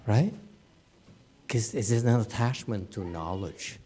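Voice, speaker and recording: A man's voice: lowish voice, slow, crowd noise. A man giving an informal Dharma lecture in a meditation hall, chatty and joking, laughing often and repeating words. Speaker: Buddhist teacher giving a Dharma talk.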